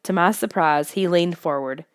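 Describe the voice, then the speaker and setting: A woman's voice: fairly low pitch, normal speed, clean tone, no room sound, studio quality. Woman narrating a children's story. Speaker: audiobook reader. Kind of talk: scripted first-person narration.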